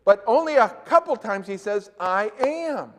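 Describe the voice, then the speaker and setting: High-voiced pastor preaching in a church. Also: male voice, expressive, unhurried, a bit bright. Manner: conversational, asks the congregation questions. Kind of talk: sermon. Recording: echoey church hall.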